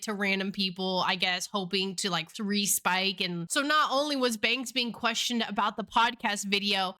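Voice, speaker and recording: A woman's voice: fairly high pitch, bright, forceful tone, clear, resonant tone. A young woman hosting a casual commentary video, blunt and full of "like" fillers. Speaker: commentary channel host.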